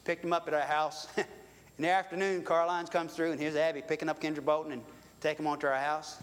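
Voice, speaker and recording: A man's voice: a little high, level tone, fast, long reverb tail. A man preaching a sermon in a folksy, conversational way, asking his listeners rhetorical questions. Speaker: pastor.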